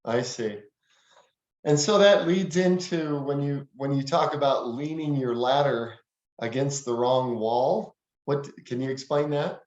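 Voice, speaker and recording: A man's voice: mid-range voice, unhurried, a little mellow. Hesitant male interviewer, roomy lo-fi sound. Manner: hesitant, repeats words when asking. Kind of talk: interview questions.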